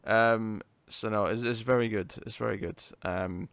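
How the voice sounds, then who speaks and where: A man's voice: on the low side, fairly even intonation, moderate pace, creaky, fairly bright tone, clean tone, no echo. A man co-hosting a podcast, chatting casually and rambling with frequent fillers and restarts. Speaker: podcast co-host. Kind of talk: casual chat.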